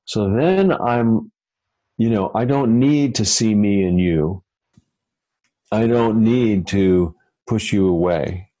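Low, mellow-voiced man musing haltingly. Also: no room sound, low-quality recording. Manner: halting, many fillers and restarts, musing. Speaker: guest author. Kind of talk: reflective conversational talk.

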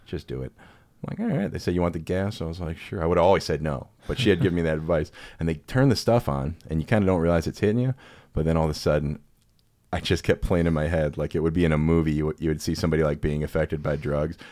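A man with a low, deep voice spins a rambling personal story for a podcast. He is animated, laughs often and briefly mimics the people he talks about. The delivery stays loose and conversational. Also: quick pace. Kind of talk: casual storytelling chat.

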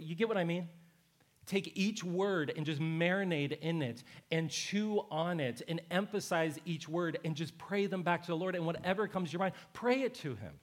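A man's voice: fairly high pitch, normal speed. A middle-aged male pastor preaching a sermon, conversational and emphatic, with repeated phrases for stress.

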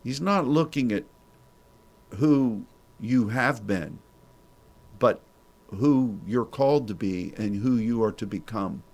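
A man's voice: mid-range voice, slow pace, gravelly, pauses often, darkish tone. A man preaching a sermon, pressing listeners with repeated rhetorical questions and restarting his words.

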